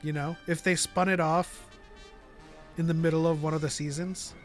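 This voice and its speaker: A man's voice: on the high side, little pitch movement, moderate pace, soft background music. Playful male podcast co-host. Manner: playful, laughs often, restarts a lot. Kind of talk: casual chat.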